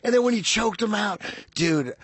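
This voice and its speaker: A man with a notably high, husky voice recounts a story in casual chat. He is animated, swears freely and often trips over the starts of his sentences. The sound is close and dry. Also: normal speed, no echo. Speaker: podcast guest.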